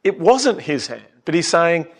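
A man's voice: fairly high pitch, very animated, measured pace. A middle-aged man giving an earnest, emphatic Bible talk, asking his listeners questions as he goes. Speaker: Bible study speaker.

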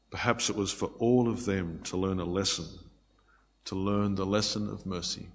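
Male preacher, expressive delivery moving between loud pleading and quiet asides, long hall reverb. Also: fairly low pitch. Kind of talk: sermon.

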